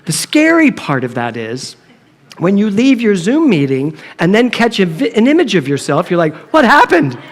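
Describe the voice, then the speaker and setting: A middle-aged man preaching a sermon, telling a humorous story and acting out the dialogue in a playful, animated way. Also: sits high, normal speed. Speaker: minister. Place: church sanctuary. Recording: long reverb of a hall.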